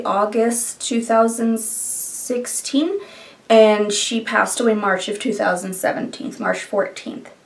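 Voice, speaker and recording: A woman talking in a heartfelt, halting way in a casual vlog, with many fillers. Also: on the high side, recorded from a distance. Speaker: beauty YouTuber.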